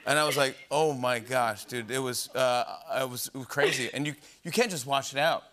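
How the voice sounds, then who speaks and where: A man hosting a late-night talk show, telling a story in a playful, animated way with frequent laughs. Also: mid-range voice, a little fast. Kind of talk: casual interview storytelling. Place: television studio.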